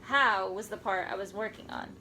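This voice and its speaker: A woman's voice: mid-range voice, normal speed, sharp tone, slight background noise, poor audio. Woman reading a story, wry and conversational. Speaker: audiobook narrator. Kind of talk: first-person story reading.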